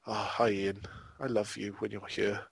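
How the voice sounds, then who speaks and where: A man voicing a fawning wife who gushes over her guest in a soft, mock-adoring way. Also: fairly low pitch, little pitch movement, moderate pace, creaky, breathy edge, dry recording, clean studio sound, voice pushed down. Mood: gushing.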